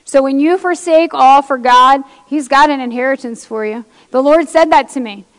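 A woman's voice: sits high, normal speed, long reverb tail. A woman preacher giving an impassioned sermon, reading scripture aloud and speaking straight to her congregation in a church.

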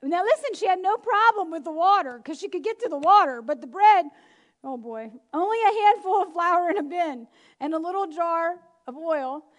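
A middle-aged woman preaching a lively sermon, laughing often and acting out the people she quotes. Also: very high-pitched, normal speed.

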